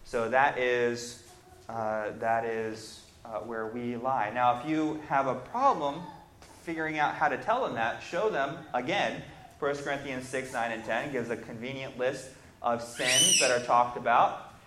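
A man preaching a Bible lesson, reading scripture aloud and then explaining it, building emphatic lists and pausing on fillers as he thinks. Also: mid-range voice, fairly bright tone, a little hiss or hum. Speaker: preacher teaching on repentance. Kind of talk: Bible class sermon. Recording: echoey room.

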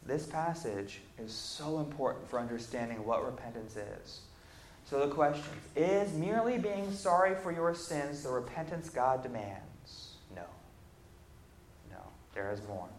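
A man preaching a Bible lesson, reading scripture aloud and then explaining it, building emphatic lists and pausing on fillers as he thinks. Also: medium pitch, lively intonation, a little hiss or hum. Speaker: preacher teaching on repentance. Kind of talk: Bible class sermon. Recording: echoey room.

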